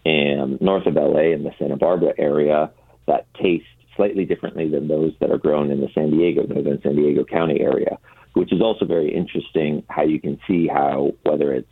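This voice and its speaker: A man with a very deep, slightly husky voice joins a radio show by phone. He explains things patiently and hesitantly, filling pauses with ums. The dry, tinny phone line narrows his sound. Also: fairly even intonation, dry recording. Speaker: guest, coffee roaster. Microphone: telephone.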